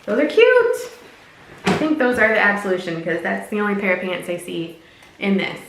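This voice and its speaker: A woman's voice: mid-range voice, expressive, moderate pace, distant mic, noisy background. A woman chatting casually and giggling through a clothing try-on haul, with lots of fillers. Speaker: fashion unboxing vlogger. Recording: very echoey room, voice off-mic.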